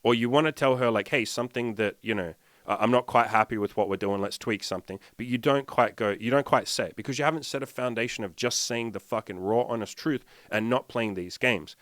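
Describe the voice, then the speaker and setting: A man's voice: mid-range voice, brisk, a bit bright, no room sound. A man speaking as a dating coach in a casual monologue, blunt and profane, acting out quoted lines of dialogue.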